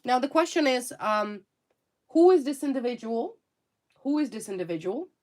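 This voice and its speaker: A woman's voice: a little high, lively intonation, normal speed, darkish tone. A woman reading tarot straight to the viewer, talking emphatically and repeating single words, in non-native English phrasing. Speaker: tarot reader.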